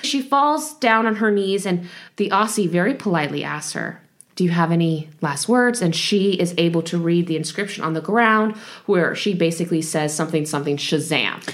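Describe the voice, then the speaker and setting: A woman co-hosting a casual film review chat, animated and teasing, laughing often. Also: fairly low pitch, fairly quick. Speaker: podcast co-host.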